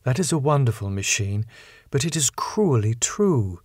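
A man reading an audiobook, voicing a gentle but resolute young woman who speaks gravely and appealingly. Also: medium pitch, big pitch swings, moderate pace, no echo, clean studio sound. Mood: moved.

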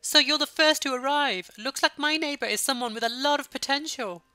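Brummie streamer doing chirpy teen game friends, high sing-song, bright edge. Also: a little fast, dry recording, faint music behind. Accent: Birmingham.

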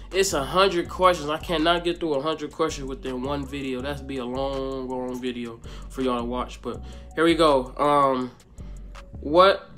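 A man's voice: mid-range voice, a bit bright. A young man answering fan questions in a casual, rambling vlog, with lots of fillers. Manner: laid-back, rambling, filler-heavy. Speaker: vlogger. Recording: faint music behind.

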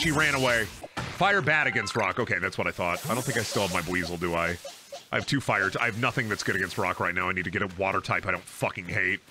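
A young man streaming a game, rambling through jokey, profane asides and breaking into sudden yelled outbursts. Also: mid-range voice. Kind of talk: casual gameplay commentary.

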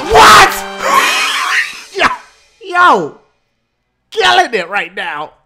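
Hyper shouting young gamer man. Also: very high-pitched. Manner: hyper, swears a lot, shouts and laughs often. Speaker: gaming YouTuber. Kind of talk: loud gameplay commentary.

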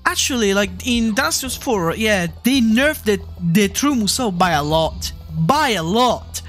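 A man's voice: sits high, animated, a little slow, a bit bright, soft background music. A man hosting a gaming channel, chatting casually over gameplay, rambling, repeating himself and getting heated and swearing.

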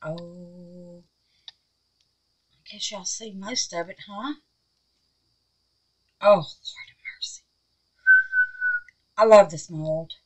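A woman hosting a casual crafting vlog, chatty and excitable, calling her viewers babies and honey. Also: fairly low pitch, drawn-out words, long pauses, poor audio. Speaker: resin craft channel host.

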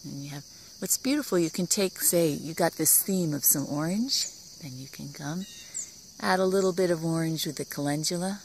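A woman with a low, gravelly voice gives a relaxed, casual tour of her outdoor vegetable garden at a moderate pace, admiring each plant softly and sometimes dropping to a whisper. Filmed on a handheld camera, the audio carries faint crickets and insects along with a little hiss or hum.

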